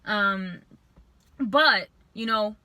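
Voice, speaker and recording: A young woman vlogger telling a storytime to camera, venting in an animated, frustrated way. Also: mid-range voice, very slow, dry recording.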